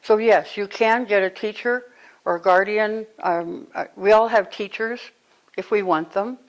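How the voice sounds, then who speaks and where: A woman speaking as a spiritual teacher to a live group, conversational and animated, telling stories and breaking into sudden exclamations. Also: mid-range voice, measured pace, poor audio.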